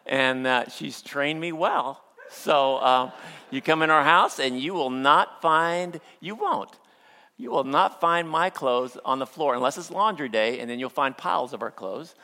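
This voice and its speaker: A middle-aged male pastor preaching a sermon, telling stories with playful humor and acting out quotes, then slowing down for earnest points. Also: medium pitch, sharp tone. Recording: long hall reverb.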